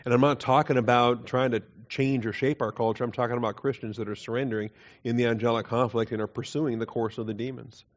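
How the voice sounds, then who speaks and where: A man at mid pitch teaches a Bible doctrine class, talking casually with many fillers and soft chuckles. He keeps turning questions to his listeners. The recording sounds dull and lo-fi. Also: fairly even intonation, fast. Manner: conversational, hesitant fillers, quiet chuckles, quizzes the class.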